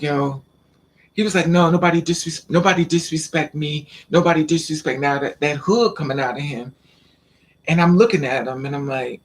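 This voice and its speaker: A man sits and talks straight to the camera, spinning a long personal story in a loose, rambling way. His voice sits a bit higher than most men's and carries a gravelly fry. He talks in animated, slangy street speech. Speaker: vlogger. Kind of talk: casual storytelling monologue.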